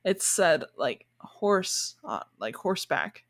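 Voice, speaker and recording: A woman's voice: fairly low pitch, big pitch swings, slow. A young woman co-hosting a podcast, chatting casually and filling her talk with "like". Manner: chatty, lots of "like" fillers. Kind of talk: casual chat.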